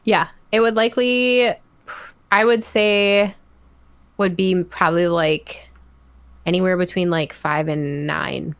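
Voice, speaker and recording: A young woman guesting on a podcast, chatting casually and easygoingly with many fillers, slowing down as she thinks aloud. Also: on the low side, steady tone, a bit bright, clean tone, no echo.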